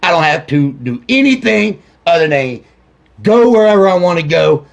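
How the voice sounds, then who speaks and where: A furious, grieving father rants into his own video camera. He hammers out accusations and curses, repeating lines again and again. His voice is gravelly with creak and sits somewhat high for a man. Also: sing-song, normal speed, highs cut off. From Ohio. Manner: angry, accusing, repetitive, swearing. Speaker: grieving father addressing officials. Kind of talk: angry direct-to-camera video rant.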